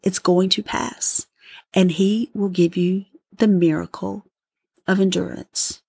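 Gravelly-voiced woman giving earnest encouragement. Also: on the low side, little pitch movement, takes it slowly, no room sound, studio quality. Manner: earnest, gently pleading. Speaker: podcast host. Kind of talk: devotional encouragement talk.

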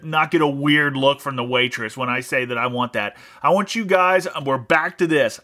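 A man hosting a podcast, delivering a mock-serious satirical rant with deadpan irony. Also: a little high. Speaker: podcast host. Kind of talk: satirical monologue.

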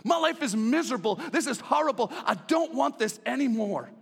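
A man voicing the prophet Hosea, a fed-up young husband who whines and shouts. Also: high voice, moderate pace, breathy edge. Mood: frustrated. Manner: whiny complaining, then shouting with glee.

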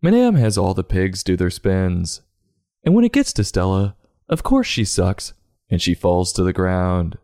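A man hosting a comedic book review, sarcastic and crude, with deadpan asides. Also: deep voice, unhurried. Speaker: podcast host reviewing a book.

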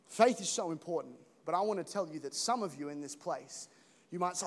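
A man preaching an animated sermon as a pastor, joking and building to loud peaks. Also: a little high, quick pace, gravelly. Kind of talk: energetic sermon. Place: large church hall. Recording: long hall reverb.

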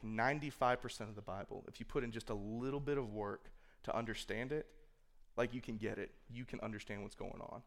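A man speaking to a room of young people in a casual sermon, loose and conversational, filling his talk with "like" and voicing imagined thoughts. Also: medium pitch. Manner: conversational, filler-heavy, acts out imagined inner thoughts. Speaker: youth speaker. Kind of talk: casual sermon to a youth group. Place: room with a live audience.

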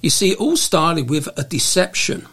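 A man's voice: fairly high pitch, big pitch swings, moderate pace, bright, forceful tone, husky. A man talking as a guest, hesitant, with many fillers and restarts. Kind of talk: conversational faith discussion.

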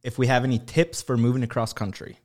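A man's voice: mid-range voice, fast talker, darkish tone. Easygoing man, casual podcast co-host.

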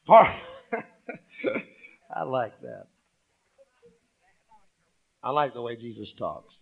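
A man preaching a sermon. He calls out to the congregation, swings from loud emphasis to hushed asides, and reads scripture aloud. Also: medium pitch, sing-song, very slow, vocal fry, husky, narrow, tinny audio.

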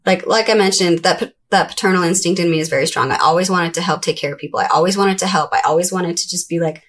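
A young woman with a fairly low voice talks through her past in a relaxed, candid way. She slips into bright, squeaky voices to act out what people said. The tone stays conversational and unhurried. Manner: conversational, acts out childhood voices with high-pitched quotes. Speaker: interview guest. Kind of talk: candid personal storytelling.

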